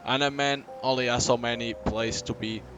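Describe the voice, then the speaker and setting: A man's voice: medium pitch, fairly even intonation, moderate pace, background noise, lightly acted. An actor playing a crude, bullying businessman in a video game, speaking curtly and with scorn. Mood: scornful. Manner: curt and scornful.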